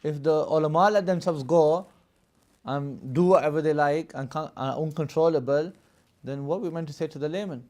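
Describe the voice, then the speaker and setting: At a normal speed, a religious studies teacher with a fairly high, darkish voice leads a live class. He explains things at length and laughs often, checking in with his students as he goes by asking "Yes?" and "Yeah?"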